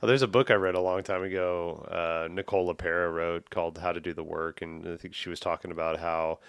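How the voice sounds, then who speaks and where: A man in his forties, hosting a casual podcast and telling stories in a profane, animated way. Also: low voice, a little fast, clear, resonant tone, no room sound. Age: 40s.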